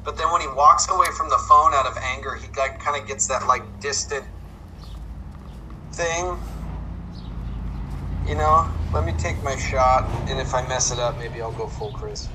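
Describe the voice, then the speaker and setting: Bright-voiced man explaining game tips. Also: medium pitch, moderate pace, long pauses, a little hiss or hum, poor audio. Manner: relaxed, explaining tips step by step. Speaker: host. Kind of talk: casual gameplay commentary.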